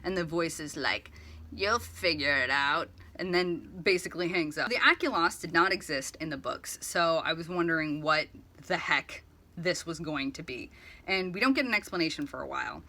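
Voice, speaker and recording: A woman's voice: low voice, lively intonation, normal speed, pushed and bright. A woman giving a casual, rambling commentary comparing a book series with its film, acting out lines in little voices. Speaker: video essay host.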